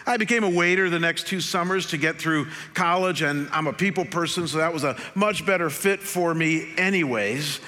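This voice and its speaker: Man, pastor, story-driven sermon, slightly high bright voice, long church reverb. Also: normal speed, few pauses. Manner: animated storyteller, acts out quotes.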